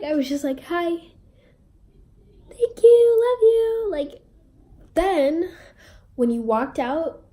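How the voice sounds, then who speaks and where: A woman's voice: high voice, dark tone. Bubbly young woman telling a rambling story. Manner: bubbly, rambling and self-mocking. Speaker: vlogger. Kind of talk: casual storytime.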